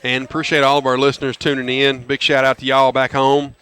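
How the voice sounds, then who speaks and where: A man calling a high school football game on local radio, folksy and prone to loud excited calls on big plays. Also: a little fast, smooth. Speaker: play-by-play announcer. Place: stadium press box.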